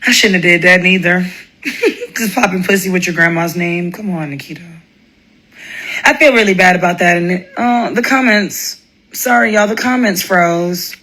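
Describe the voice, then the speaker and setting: A woman hosting a live stream, telling a profane story in a blunt, animated way and laughing often. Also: fairly low pitch, normal speed.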